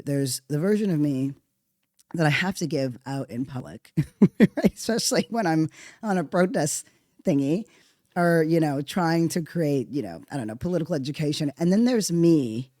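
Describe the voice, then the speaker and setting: A podcast host talks alone into a close mic, sarcastic and profane, jumping between loud outbursts and hushed asides. The voice sits in the middle of the pitch range, and the sound is dry, with no room echo at all. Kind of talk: solo podcast monologue.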